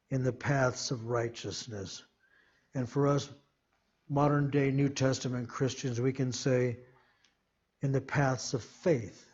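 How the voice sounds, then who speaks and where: A man preaching a sermon, reading scripture slowly and emphatically and explaining it as he goes. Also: medium pitch, steady tone, darkish tone, husky. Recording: dull lo-fi sermon recording.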